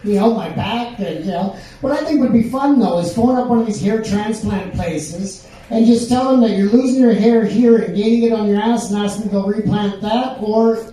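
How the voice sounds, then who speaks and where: Older man, stand-up comic, rambling deadpan, high voice, dark tone. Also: normal speed, very echoey, recorded from a distance, slight background noise, low-quality recording. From Canada. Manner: rambling deadpan delivery with many fillers. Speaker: stand-up comedian. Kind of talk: stand-up set. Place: pub stage.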